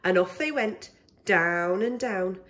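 A woman reading a children's picture book aloud for a pre-school, with expressive storytelling. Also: medium pitch, slow pace.

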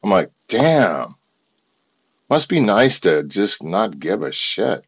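Animated, profane American livestream host. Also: male voice, on the low side, slow pace, slightly rough, poor audio. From United States. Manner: profane, rambling, animated storytelling. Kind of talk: casual livestream chat.

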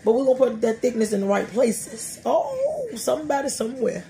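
A woman's voice: on the high side, fast talker, creaky, mellow. A middle-aged woman hosting a podcast, sharing faith talk in a colloquial, joking, storytelling way. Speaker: podcast host.

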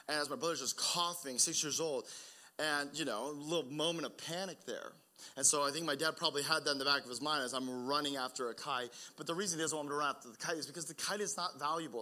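A young man preaching a sermon, telling personal stories in a conversational way that builds to loud, urgent emphasis. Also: a little high. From Oregon, United States. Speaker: pastor.

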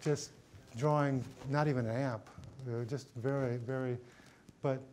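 A man's voice: medium pitch, steady tone, unhurried, darkish tone, slight background noise. A middle-aged man teaching a cinematography workshop, thinking aloud with many fillers and restarts as he sets lights in a studio. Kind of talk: hands-on lighting demonstration.

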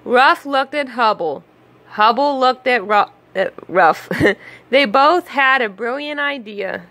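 A woman reading a children's storybook aloud in an expressive, unhurried way. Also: fairly high pitch. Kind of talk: read-aloud storybook narration.

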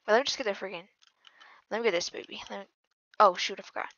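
A woman giving casual gameplay commentary as a channel host, jittery and slangy, dropping from mumbles to sudden yells. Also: medium pitch, quick pace, no room sound, highs cut off. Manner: slangy, keeps saying "bro" and "freaking".

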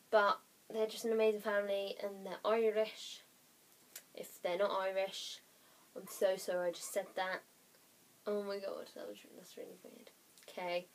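Chatty rambling young woman vlogger. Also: medium pitch. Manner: rambling, apologetic, giggly, drops to whispers. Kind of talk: casual chatty vlog.

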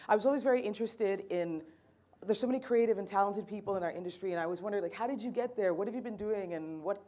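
Woman panel host, chatty and playful, slightly low voice. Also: darkish tone. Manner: chatty, playful, lots of fillers. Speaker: panel moderator. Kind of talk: hosting a live panel talk.

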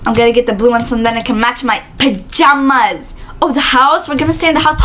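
A woman host giving excitable, casual commentary while playing a video game, with loud keyboard clicks behind. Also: fairly high pitch, brisk, very noisy. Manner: excitable, exclamatory. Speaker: gaming channel host.

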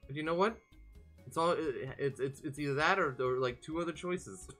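Brief: lively streamer voice, bright tone, soft music underneath, playful chat style. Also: mid-range voice, normal speed. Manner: bubbly, playful, greets chat by name. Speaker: variety game streamer.

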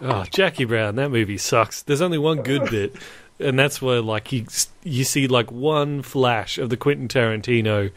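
A man's voice: mid-range voice, normal speed. A man co-hosting a film podcast, telling scenes with lots of laughter and acted-out lines. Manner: animated storyteller, acts out scenes, laughs often. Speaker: podcast co-host. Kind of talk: casual film chat.

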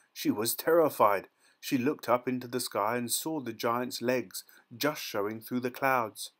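A man reading a fairy tale aloud in a steady, expressive storytelling manner. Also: medium pitch.

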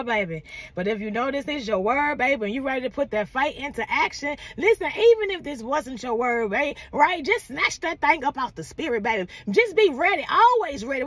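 High-voiced woman preaching a prophetic word. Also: a bit bright, dry recording. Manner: call-and-response, repeats "come on now" and "baby".

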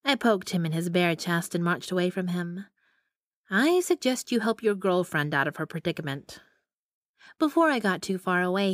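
A woman's voice: fairly low pitch, no room sound. A young adult woman narrating a first-person romance audiobook in an intimate, wry manner on a close mic.

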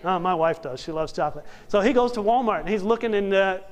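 Animated young male preacher, higher voice. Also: quick pace. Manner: animated, jokey, acts out characters. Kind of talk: storytelling sermon.

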